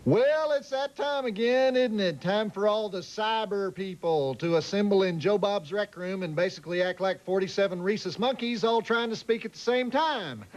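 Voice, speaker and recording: A man with a Southern accent hosting a late-night movie show with deadpan wisecracks. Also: high voice, normal speed, few pauses, lo-fi sound. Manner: drawling, deadpan jokes. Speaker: host.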